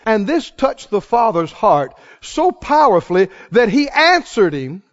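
A male preacher delivers a sermon with a high, sweeping voice that leaps up in excitement and drops to a hush. He keeps putting questions to his congregation. The recording sounds dull and lo-fi. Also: a little slow. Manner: dramatic, swings from loud exclaims to hushed low lines.

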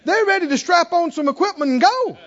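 A man preaching a sermon with animated emphasis, often asking the congregation questions. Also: very high voice, fairly quick. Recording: dull lo-fi recording.

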